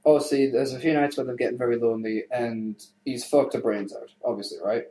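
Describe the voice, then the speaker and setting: A young man co-hosting a podcast, telling crude jokes in a casual, animated way. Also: medium pitch, a little fast. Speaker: podcast co-host. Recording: roomy echo.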